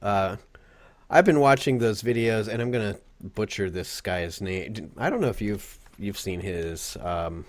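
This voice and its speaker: Rambling low-voiced man on a podcast. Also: unhurried, no echo. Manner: rambling, animated when quoting himself, laughs often. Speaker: podcast host. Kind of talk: casual gaming podcast chat.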